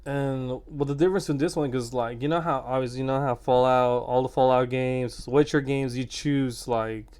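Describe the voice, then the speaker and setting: A young man co-hosting a casual game chat, rambling with many halting restarts. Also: medium pitch, steady tone, a little mellow, smooth. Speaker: podcast co-host.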